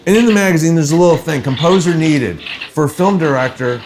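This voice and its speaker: A man's voice: on the high side, a little fast, background noise. A man, a film composer and guest, telling stories in casual chat and acting out the people in them. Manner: animated storyteller, acts out phone voices. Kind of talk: casual storytelling while gaming.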